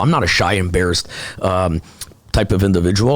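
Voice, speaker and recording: A man who is a comedian, telling stories as a guest in a casual podcast chat, animated and profane. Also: on the low side, brisk. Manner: animated storytelling, frequent swearing.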